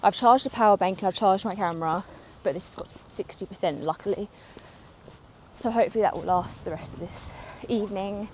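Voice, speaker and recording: A young woman chats to her camera as she walks through the city streets. She is slightly out of breath and rambles along with plenty of ums, her voice caught on a small clip-on mic. Her pitch sits in a middling range, with some faint street noise underneath. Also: brisk, darkish tone. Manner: chatty and rambling, with frequent ums. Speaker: vlogger. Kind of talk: casual walk-and-talk vlog. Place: outdoors on city streets and transit.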